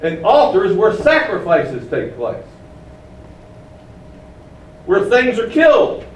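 A man's voice: high-pitched, wildly swooping pitch, slow pace, a little hiss or hum. A man preaching a sermon, explaining a passage and asking his listeners questions. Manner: explains, asks the room questions. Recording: echoey room, mic at a distance.

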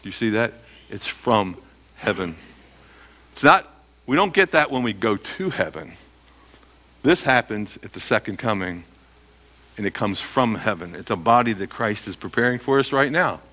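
A middle-aged man preaches a sermon with an emphatic, teaching manner. His voice is bright and ringing, at a middle pitch. He keeps asking his listeners questions and answering them himself. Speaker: pastor.

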